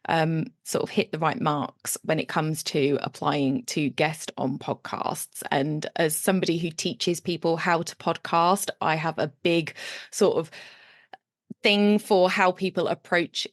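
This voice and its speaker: A woman's voice: low voice, fairly even intonation, unhurried, no room sound, clean studio sound. A woman hosting a podcast interview, talking in an enthusiastic, chatty way with some fillers. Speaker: podcast host.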